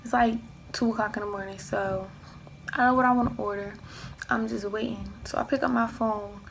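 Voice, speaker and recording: A young woman vlogger telling a personal storytime, animated, acting out what people said and dropping into hushed asides. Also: on the high side, normal speed, creaky, slight background noise, rough recording. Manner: animated storyteller who acts out quoted dialogue, slips into hushed asides. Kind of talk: storytime chat.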